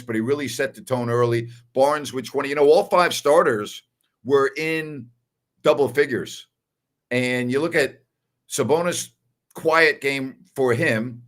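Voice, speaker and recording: A man with a New York accent hosting a casual postgame show, who reads viewer comments and makes his point emphatically with repeated tag questions. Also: medium pitch. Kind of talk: casual livestream chat, reading viewer comments.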